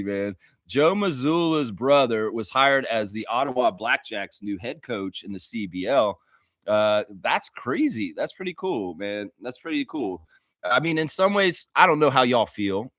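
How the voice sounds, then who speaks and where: Excitable man with a lively voice. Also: no echo, studio quality. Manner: excitable, laughs often, mimics players and fans in high voices. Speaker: host of a fan show. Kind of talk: casual fan talk stream.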